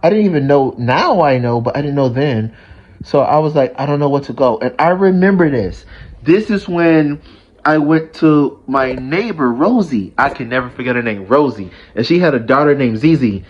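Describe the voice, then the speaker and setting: A man's voice: medium pitch, expressive, normal speed, slightly rough, dull audio. A man telling a personal story in a casual vlog, rambling with lots of fillers and restarts.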